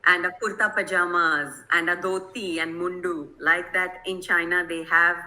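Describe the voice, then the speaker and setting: A woman's voice: on the low side, steady tone, normal speed, sharp tone, rough recording. A woman from Kerala, giving an online lecture to teachers over a video call, explaining things patiently and often checking whether her listeners follow. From Kerala, India. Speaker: guest presenter.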